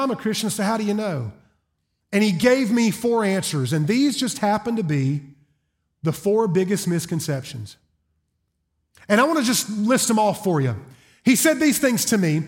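A middle-aged Southern preacher from South Carolina with a notably high-pitched voice, delivering a sermon from a church stage. He talks in a folksy, joking, storytelling way. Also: very animated, normal speed. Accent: Southern American. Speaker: guest preacher. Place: church auditorium.

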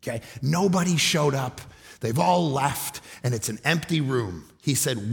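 Gravelly preacher in a reverberant hall. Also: male voice, mid-range voice, unhurried. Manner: swings from hushed storytelling to loud shouting. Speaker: pastor. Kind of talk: sermon. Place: church auditorium. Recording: long reverb of a large hall.

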